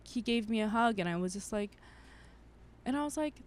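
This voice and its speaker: A woman's voice: a little high, expressive, fairly quick. A woman podcast co-host in her thirties, telling a personal story in a candid way, swearing freely and acting out what people said. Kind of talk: casual chat, personal storytelling.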